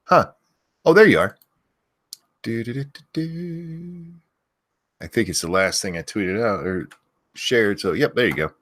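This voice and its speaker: A man hosting a casual livestream who loudly yells out viewers' names, then drops back into loose, swearing chatter. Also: on the low side, animated, unhurried, pauses often. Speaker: livestream host.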